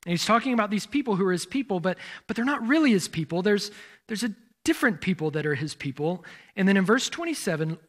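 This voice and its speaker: Here a man preaches as pastor in a high-pitched, very animated voice with a fairly bright tone and quick pace. He works through scripture expositorily, asking rhetorical questions and directing the congregation to passages in their Bibles.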